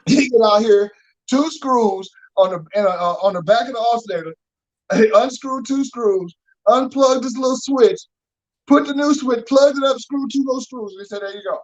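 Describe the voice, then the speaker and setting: A man telling animated, profane stories in a casual chat, acting out the people he quotes. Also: extremely high pitch, moderate pace. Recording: dull lo-fi recording.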